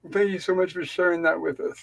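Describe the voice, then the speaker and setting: A man's voice: sits high, fairly even intonation, fast talker, gravelly, no room sound, poor audio. A man hosting a live stream in casual chat, his voice a little weak, easygoing and jokey with his co-hosts over a remote call. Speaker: livestream host. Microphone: remote call on a streaming panel.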